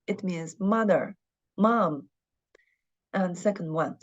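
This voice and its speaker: A woman teaching an online language class, speaking slowly and patiently and having students repeat after her. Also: fairly low pitch, highs cut off. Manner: slow, patient, repeats words for students to echo.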